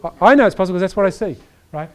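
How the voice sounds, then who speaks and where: A man giving an energetic chiropractic lecture, emphatic and animated, often checking in with "right?". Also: high-pitched, rapid-fire. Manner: reads quotes aloud to the audience.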